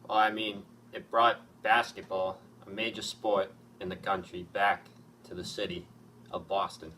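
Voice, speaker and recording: A man talking as an interviewed sports fan, subdued and halting. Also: on the low side, flat delivery, bright, forceful tone, slight background noise. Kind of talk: casual mock interview. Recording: distant mic with faint ambience.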